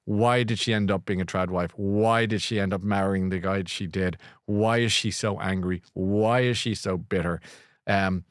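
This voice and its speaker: A man's voice: deep voice, steady tone, normal speed, no echo, clean studio sound. A middle-aged Irish man hosting a podcast, chatting in a rambling way with many restarts and self-corrections. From Ireland. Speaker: podcast host. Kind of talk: casual chat, book recommendation.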